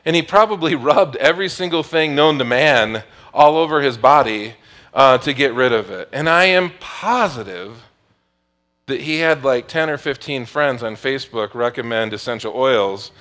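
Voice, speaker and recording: A man's voice: medium pitch, normal speed, fairly bright tone. A man preaching a sermon, retelling a Bible story in a casual, joking way. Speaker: pastor.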